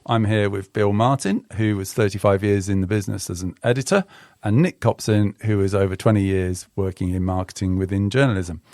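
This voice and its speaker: A man's voice: on the low side, fairly quick, hardly any pauses, no room sound, studio quality. Nasal man hosting a casual chat. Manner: relaxed, wry, chatty with fillers. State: under the weather, nasal. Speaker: podcast host and journalism lecturer. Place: studio.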